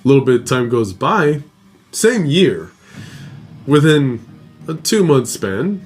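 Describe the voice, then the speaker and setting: A man's voice: mid-range voice, very animated, slow pace, breathy edge. A man hosting a show, reading a listener's ghost story aloud in a casual, dramatic way with his own asides. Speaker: host.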